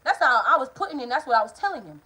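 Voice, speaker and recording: Fast, lively high-voiced woman telling a story. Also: poor audio. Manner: animated, profane, talks straight to viewers; acts out quoted people in changed voices. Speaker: vlogger. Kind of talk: casual storytime monologue.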